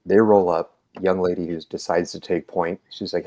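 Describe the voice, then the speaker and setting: A man with a very low, deep voice tells a long story in a relaxed podcast chat. He rambles, restarts his sentences and fills the gaps with "um"s, then slips into the voices of the people in the story. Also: normal speed. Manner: rambling, filler-heavy, acts out quoted dialogue. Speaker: EMT telling his story.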